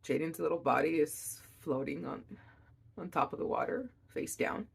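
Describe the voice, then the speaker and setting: A young woman, a mother, telling a personal story in an emotional, halting way with many restarts. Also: deep voice, creaky, breathy edge. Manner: emotional, reliving events.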